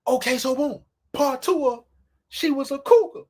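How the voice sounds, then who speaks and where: A woman telling a comic story in slangy, animated fashion, acting out voices and sound effects. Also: sits high, moderate pace. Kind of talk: comedic storytelling.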